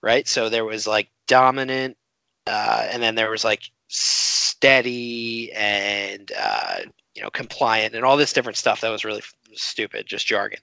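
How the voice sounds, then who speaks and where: A man's voice: lowish voice, animated, unhurried, vocal fry, bright, forceful tone, no room sound. A young man co-hosting a podcast, telling a story in casual, slangy chat and laughing along. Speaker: podcast co-host.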